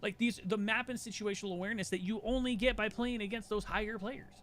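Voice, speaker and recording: A man's voice: high-pitched, fairly even intonation, fast, fairly bright tone, a little hiss or hum. A man chatting casually on a gaming livestream, opinionated and rambling with frequent restarts, his voice tiring from a long day of talking. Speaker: streamer.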